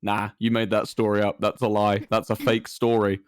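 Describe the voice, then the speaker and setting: A man on a livestream reading confessions aloud and judging them bluntly, with a deadpan delivery. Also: fairly low pitch, normal speed, clear, resonant tone, no room sound. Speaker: guest co-streamer.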